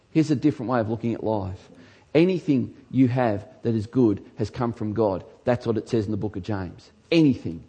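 A man who is a pastor, delivering an emphatic sermon in a church and rising to shouts on key lines. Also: on the low side, a little fast, breathy edge, highs cut off.

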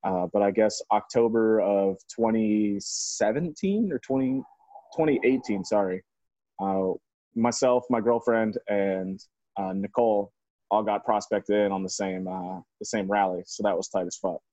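A man's voice: fairly low pitch, measured pace, warm tone, no echo, muffled recording. A man from South Carolina, a moped club member, talking as a guest in a laid-back way with crude slang. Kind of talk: casual interview chat.

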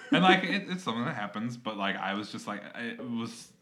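A young man co-hosting a podcast in casual chat, laughing often and breaking into loud bursts as he tells stories. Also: medium pitch, big pitch swings, moderate pace. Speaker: podcast co-host.

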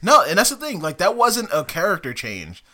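A man co-hosting a podcast in casual chat, excitable, laughing often and swearing freely. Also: high voice, normal speed. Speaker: podcast co-host.

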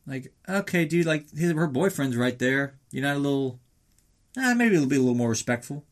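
A man's voice: medium pitch, lively intonation, a little fast. Man, casual film recap, rambling, sarcastic, swears a lot, mid-range voice.

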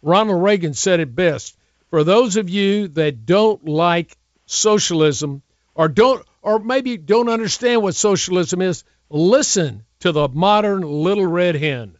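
A man's voice: high-pitched, animated, a little slow, no echo, highs cut off. An older man hosting a political radio talk show, speaking in an emphatic, urgent way.

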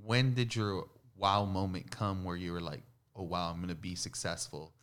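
A man hosting a casual interview, asking long, rambling questions in a relaxed, chatty way. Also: low-pitched, moderate pace. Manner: chatty, laughs easily, asks rambling questions. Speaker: podcast host.

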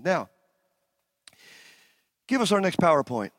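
Male pastor, sermon, high voice, bright, repeating phrases, call-and-response. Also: big pitch swings, unhurried, no room sound, clean studio sound. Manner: repetitive call-and-response preaching, leading the congregation. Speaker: senior pastor.

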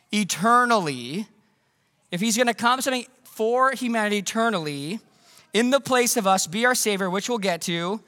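Pastor, male, middle-aged; high, bright tone; casual but emphatic preaching; long church echo. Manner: conversational, emphatic, asks the congregation questions. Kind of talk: Christmas sermon. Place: church sanctuary.

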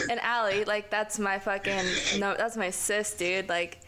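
A woman's voice: mid-range voice, steady tone, measured pace, noisy background. A young woman casually telling a story to a friend, slangy and profane, full of "like" and "dude". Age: young adult.

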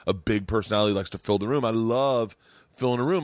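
A man's voice: lowish voice, quick pace, no echo. A man in his forties hosting a comedy podcast, telling stories in a rambling way with many restarts and raised-voice quotes of other people. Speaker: podcast host. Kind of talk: casual storytelling chat.

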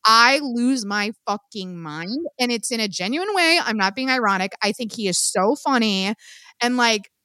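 A woman co-hosting a podcast in casual chat, animated, swearing freely and laughing often. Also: on the high side, normal speed, no echo, clean studio sound. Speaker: podcast co-host.

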